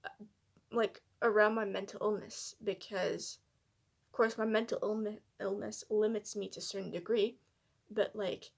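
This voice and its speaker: A woman vlogger talking candidly and reflectively to her camera, hesitant and soft-spoken, with many fillers and restarts. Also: mid-range voice, fairly even intonation, normal speed, creaky. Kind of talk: personal reflective vlog.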